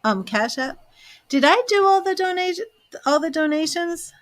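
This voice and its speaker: A woman with a very high, animated voice gives live tarot readings as a psychic, reading viewers' questions and turning cards. She's slow, chatty, and emotional, addressing viewers by name.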